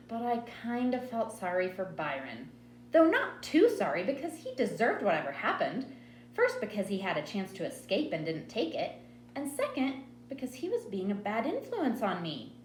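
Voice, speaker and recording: A woman reads a novel aloud in first person, her pitch rising and falling freely. The sound is roomy, as if recorded in a room at home. A faint hum sits under the voice. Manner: expressive storytelling read. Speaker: audiobook reader.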